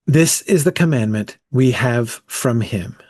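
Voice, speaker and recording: A man's voice: medium pitch, lively intonation, measured pace, a little mellow, no echo, clean studio sound. A man leading a casual bible study, thinking aloud with frequent "um" and "right?" as he works through the text.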